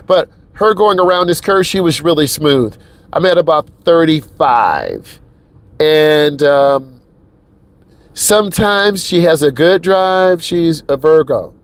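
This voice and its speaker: A man's voice: on the high side, lively intonation, slow pace, dry recording. A middle-aged man, a driving instructor, talking casually and emphatically while driving a car. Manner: emphatic and repetitive, chatty. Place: inside a car.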